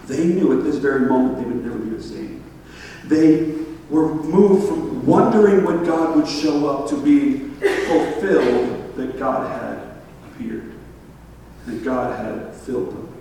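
A man preaching a sermon, telling stories with laughter and animated asides. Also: mid-range voice, measured pace, creaky, a little hiss or hum. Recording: echoey hall from far off.

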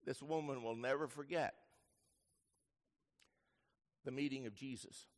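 A male pastor preaching a sermon, telling the story vividly, dropping to hushed lines and rising to loud bursts. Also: mid-range voice, fairly even intonation, brisk. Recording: long reverb of a large hall.

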